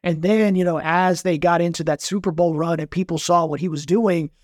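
Male sports reporter, quick and high-pitched, animated storyteller, dry close mic. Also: no echo. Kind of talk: casual podcast chat.

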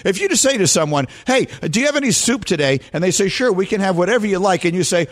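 Animated man hosting sports radio. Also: high voice. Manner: animated, indignant, quick to argue. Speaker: radio show host. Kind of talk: casual sports radio banter. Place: radio studio.

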